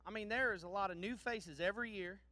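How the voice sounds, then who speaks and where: A man in his thirties from Missouri talks to an audience over a handheld mic with a dry, close sound. His voice is high and ringing clear, and his delivery is folksy, jokey and full of energy. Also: fast talker, pushed and bright, dry recording. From Missouri, USA. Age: 30s. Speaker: guest speaker presenting awards. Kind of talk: casual speech to an audience.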